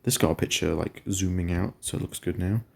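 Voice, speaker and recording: A low-pitched man with a rough, gravelly edge talks loosely through a game. He rambles and keeps catching and correcting his own slips. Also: a little fast, darkish tone. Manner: rambling, self-correcting, chatty. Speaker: gaming channel host. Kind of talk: casual game commentary.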